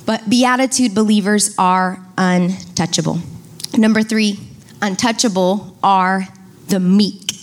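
A woman's voice: mid-range voice, steady tone, slow pace. A woman pastor preaching a sermon to a congregation, stretching key words for emphasis and speaking directly to her listeners. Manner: addresses congregation directly, asks them to repeat. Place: church before a congregation.

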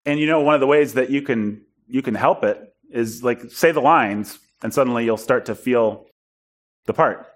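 A man preaching in a storytelling style, animated and self-deprecating, acting out bits of dialogue. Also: mid-range voice, normal speed. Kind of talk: storytelling sermon.

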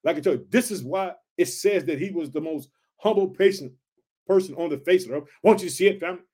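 A man's voice: high-pitched, quick pace, warm tone, husky. A man teaching a Bible passage with fervent energy, often asking his listeners if they heard and calling them family. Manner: fervent, keeps asking "did you hear?" and "check it out".

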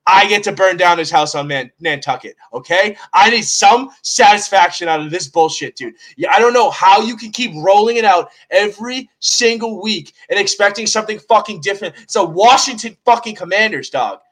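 A man's voice: high voice, moderate pace, hardly any pauses, fairly bright tone, rough recording. A man co-hosting a sports podcast, ranting heatedly with lots of swearing in casual talk.

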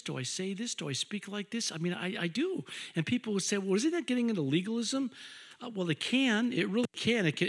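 A middle-aged male pastor preaching a sermon with dynamic swings between loud emphasis and hushed intensity, joking asides and repeated words. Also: high voice, vocal fry.

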